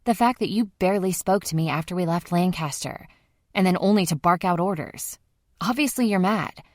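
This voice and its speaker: A woman's voice: lowish voice, normal speed, no room sound, studio quality, voice pushed up, lightly acted. A woman reading an audiobook, voicing its first-person heroine in dialogue with an emphatic, teasing manner. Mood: pressing. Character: blunt, teasing adult woman, the narrator's younger self in scenes.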